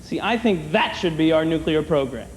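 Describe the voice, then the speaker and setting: A man doing a stand-up comedy set on a comedy club stage, wry and conversational, slipping into quick voices for his bits. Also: a little high, expressive. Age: older than 30. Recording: long hall reverb, clear room noise, 1990 TV taping.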